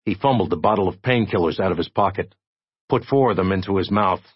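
Man, audiobook narrator, low voice, husky, dry lo-fi sound. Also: fast talker, no room sound.

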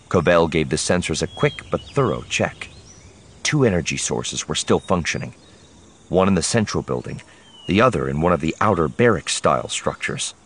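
A man's voice: deep voice, very animated, normal speed, husky. A man narrating an audiobook dramatically, voicing each character himself.

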